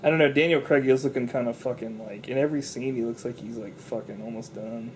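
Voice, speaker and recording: A man's voice: medium pitch, quick pace, darkish tone, a little hiss or hum. A young man co-hosting a casual movie review chat, loose and profane, often laughing.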